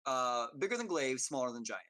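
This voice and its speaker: A man narrating as game master for a tabletop game, pausing often with ums and uhs. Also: mid-range voice, very animated, sharp tone, dry recording. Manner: halting, many ums and uhs.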